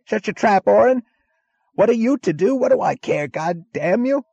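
A man's voice: high voice, lively intonation, moderate pace, vocal fry, a little mellow, dry recording, pitched above the performer's own voice, full character voice. A man voicing a panicking male executive who screams, pleads and curses into telephones in a frantic, shrieking voice. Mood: snarling rage. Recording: dull lo-fi audiobook recording.

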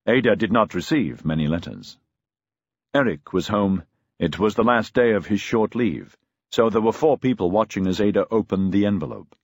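A man's voice: fairly low pitch, moderate pace, no echo, clean studio sound. A man narrating a novel as an audiobook, telling the story expressively.

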